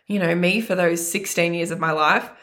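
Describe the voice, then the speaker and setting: A woman's voice: fairly low pitch, steady tone, moderate pace, fairly bright tone. A young adult woman coaching on food and body image, talking earnestly and emotionally straight to her viewers in a personal monologue.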